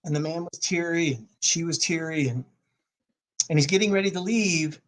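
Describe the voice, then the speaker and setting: A man speaking as a podcast guest, telling a personal story with strong emphasis, swinging from loud to nearly a whisper. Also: fairly high pitch, normal speed, low-quality recording.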